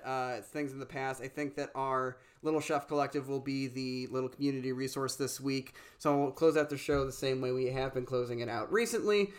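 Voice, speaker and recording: A man co-hosting a casual podcast, laid-back and dry as he closes the show. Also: mid-range voice. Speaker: podcast co-host.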